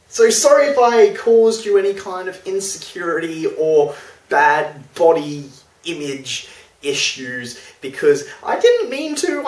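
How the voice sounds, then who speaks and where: A young man talking casually and self-deprecatingly in a video diary, recorded from a distance in a room. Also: fairly high pitch. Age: young adult. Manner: chatty, self-deprecating, animated. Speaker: vlogger. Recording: roomy, distant mic.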